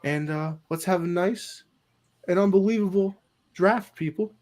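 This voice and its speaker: A man's voice: high voice, unhurried, darkish tone, slight background noise. A man hosting a casual online mock draft show as its commissioner. He talks in a playful, joking way and shifts into an announcer tone.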